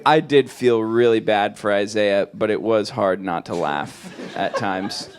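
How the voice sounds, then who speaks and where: A man who led the trip, presenting to an audience in a relaxed, good-humored way. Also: lowish voice, unhurried, some chatter behind. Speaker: trip leader.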